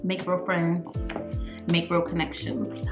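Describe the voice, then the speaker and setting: Brief: woman co-host, candid and emphatic, mid-pitched, in an echoey room with music behind. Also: fairly even intonation, slow. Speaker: podcast co-host. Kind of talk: casual opinionated chat.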